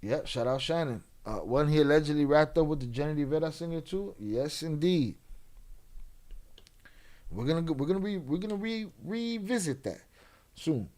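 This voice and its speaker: A man's voice: a little high, expressive, normal speed, darkish tone. A man hosting a casual livestream, talking bluntly and skeptically with a lot of swearing. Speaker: livestream host.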